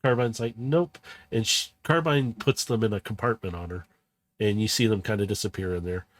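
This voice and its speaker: A man's voice: on the low side, fairly even intonation, brisk, no echo. A man narrating a tabletop role-play game as game master, casual and rambling with frequent restarts. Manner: casual, rambling, self-correcting.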